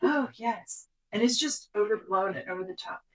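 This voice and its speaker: A podcast co-host chatting casually and summarizing from notes, animated, sometimes dropping into a whisper for quoted lines. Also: mid-range voice, normal speed, low-quality recording.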